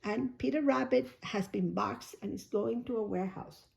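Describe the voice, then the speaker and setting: A woman vlogger, hoarse and coughing, chatting casually as she unboxes and packs a gift box, often rambling and correcting herself. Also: on the high side, measured pace, slight background noise. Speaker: shoebox-packing vlogger.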